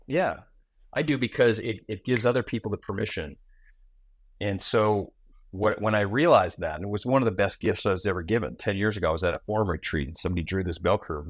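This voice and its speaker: Animated storytelling man, lowish voice. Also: dry recording. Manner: animated storyteller, acts out small talk in quick asides. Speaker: guest, founder and keynote speaker. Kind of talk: conversational podcast interview.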